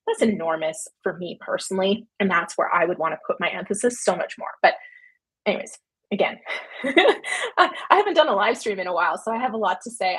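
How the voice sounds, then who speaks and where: A woman's voice: medium pitch, husky. A woman with a Canadian accent, hosting a livestream and answering viewer questions in a chatty, rambling way with frequent laughs. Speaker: publishing company founder hosting a livestream. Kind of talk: casual livestream Q&A.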